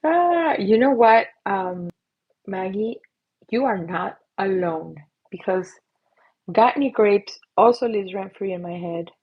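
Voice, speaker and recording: Playful middle-aged lady chatting slow on a painting stream, breathy, kinda dull lo-fi sound. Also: medium pitch, animated. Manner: playful and chatty, slipping into silly voices and whispers. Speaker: livestream painting host. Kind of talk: casual live-stream chat while painting. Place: at her painting desk.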